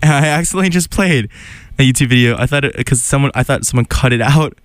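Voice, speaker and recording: A man's voice: medium pitch, fast, dry recording. A man hosting a radio show, chatting casually and animatedly, laughing and sounding incredulous. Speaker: radio host.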